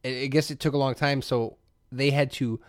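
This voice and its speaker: A man co-hosts a casual podcast chat, joking around, laughing often and slipping into silly voices. His mid-range voice keeps a steady tone at a slightly fast pace. The recording is dry and studio-clean.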